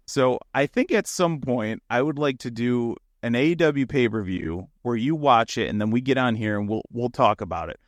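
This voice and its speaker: A man's voice: medium pitch, normal speed, few pauses, no echo, studio quality. Eager man chatting on a podcast. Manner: enthusiastic, rambling, laughs often. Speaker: podcast co-host. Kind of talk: casual chat.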